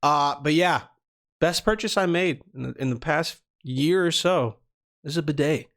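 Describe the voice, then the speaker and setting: A man's voice: a little high, measured pace, a bit bright. A man hosting a comedy podcast, talking casually in a rambling, profane way and often stumbling over his words. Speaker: podcast host.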